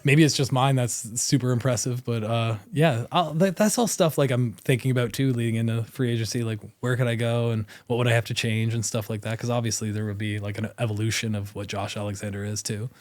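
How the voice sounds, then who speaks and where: A man's voice: medium pitch, fairly even intonation, a little fast, few pauses, no room sound. A man in his thirties, a wrestler as guest, telling stories in a casual studio interview and laughing often as he talks. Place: podcast studio.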